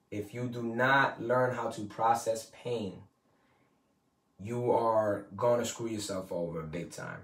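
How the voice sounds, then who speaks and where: A man's voice: medium pitch, slow, pauses often. A man hosting a podcast, giving a casual, profane motivational talk, rambling and emphatic and quoting people in put-on voices. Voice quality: swears freely, slangy street talk. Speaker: podcast host. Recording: roomy and distant from the mic.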